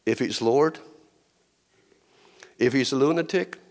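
A man's voice: mid-range voice, takes it slowly, darkish tone. A middle-aged male pastor preaching a sermon in a conversational way, with asides, restarts and repeated phrases.

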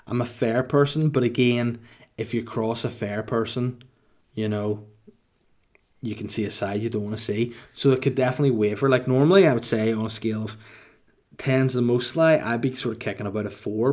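A deadpan man in his thirties with a Northern Irish accent and a lowish voice fields listener questions in a casual chat, cracking mock-boastful jokes.

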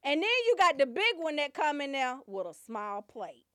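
A high-pitched, wildly swooping woman rants through a comedy routine, loud and profane and laughing at her own jokes. The recording is close and dry. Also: moderate pace, no room sound. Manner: loud, animated, swearing freely, laughing often.

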